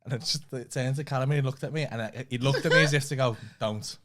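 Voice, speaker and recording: A man's voice: mid-range voice, fast talker, heavy background noise. A young man, co-hosting a podcast and telling a story in casual chat, swearing freely and laughing often. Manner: swears freely, tells stories with lots of laughing. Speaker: podcast co-host.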